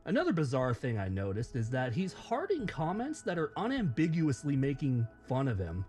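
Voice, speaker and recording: A man's voice: medium pitch, huge pitch swings, normal speed, warm tone, soft background music. A man reading a scripted commentary in a sarcastic, mocking, profane way. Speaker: YouTube commentator.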